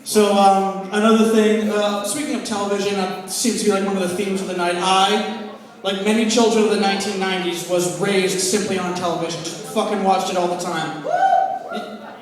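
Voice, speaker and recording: A man's voice: high voice, expressive, normal speed. A young man in his twenties performing a profane, conversational stand-up set on a comedy club stage. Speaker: stand-up comic. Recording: echoey club, captured from far off.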